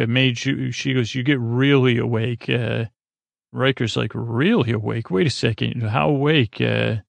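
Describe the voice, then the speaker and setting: A man's voice: mid-range voice, gravelly, no echo. A man hosting a podcast, casually retelling a TV episode in a rambling, filler-heavy way and paraphrasing the characters in loose slang.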